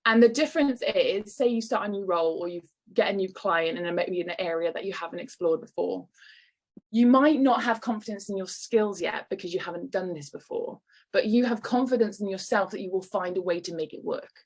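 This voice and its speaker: A woman's voice: medium pitch, a little fast, darkish tone. A woman giving an encouraging online workshop talk to business owners over a video call. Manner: encouraging, lightly acts out quoted voices.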